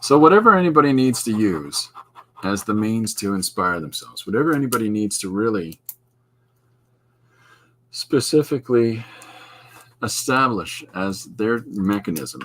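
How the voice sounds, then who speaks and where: A man's voice: fairly low pitch, lively intonation, moderate pace, long pauses, fairly bright tone, a little hiss or hum. A middle-aged man from Canada, hosting a podcast and rambling casually while he draws, wandering and restarting his thoughts. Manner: meandering, digressive, with many restarts. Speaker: podcast host and artist.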